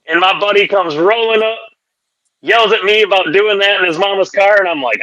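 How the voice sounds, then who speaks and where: Host, middle-aged man. Bright, slightly high voice, lively yarn-spinner. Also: moderate pace, poor audio. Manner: animated storyteller, jumps high for quoted voices. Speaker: podcast host. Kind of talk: casual chat, retelling a comedy skit.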